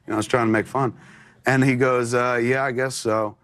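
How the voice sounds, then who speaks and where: A man's voice: mid-range voice, level tone, a little fast, fairly bright tone. A man in his forties, an interview guest, telling a personal story candidly with many fillers.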